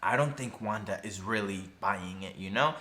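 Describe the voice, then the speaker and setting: A man's voice: lowish voice, moderate pace. A man casually recapping a TV episode, chatty and filled with "you know" asides, sometimes acting out the characters' lines. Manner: acts out character lines in animated voices. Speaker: TV recap vlogger.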